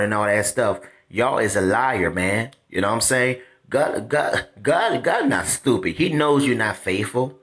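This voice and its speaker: A man preaching informally to his critics, repeating himself and reading scripture slowly word by word. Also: fairly low pitch, a bit bright. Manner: repetitive, confrontational, reads scripture slowly word by word. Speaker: self-made preacher addressing his critics.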